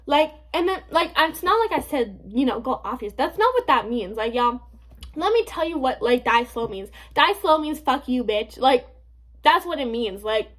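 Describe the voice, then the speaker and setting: A young woman tells a storytime on her vlog in a high, bright voice. She is sassy and blunt, swearing often and filling her talk with "like". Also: big pitch swings, moderate pace. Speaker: vlogger. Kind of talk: casual storytime rant.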